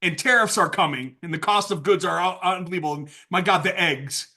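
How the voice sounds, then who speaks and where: A man leading a sales training call, energetic and playful, acting out sales lines with lots of hype. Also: sits high, a little fast. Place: video call. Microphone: video call mic.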